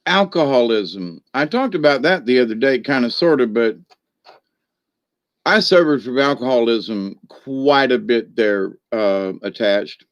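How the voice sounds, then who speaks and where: A man's voice: mid-range voice, lively intonation, unhurried, dry recording, dull audio. A middle-aged man hosting a Catholic channel in a rambling, jokey livestream chat, cackling with laughter often.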